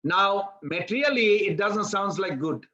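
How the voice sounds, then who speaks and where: A man giving a devotional sermon, telling a story in an animated way and acting out its characters. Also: high-pitched, measured pace, highs cut off. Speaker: preacher.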